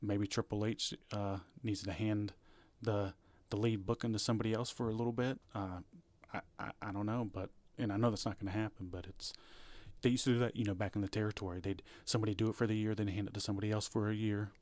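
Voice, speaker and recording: Male podcast co-host, low voice, casual rambling delivery, dry close mic. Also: flat delivery, quick pace, darkish tone, no room sound. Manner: rambling, frequent restarts and fillers. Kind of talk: casual chat.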